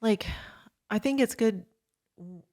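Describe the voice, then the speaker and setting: A woman's voice: medium pitch, slow pace, darkish tone. A woman co-hosting a podcast who talks hesitantly, hunting for words as she goes. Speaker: podcast co-host. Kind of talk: reflective podcast conversation.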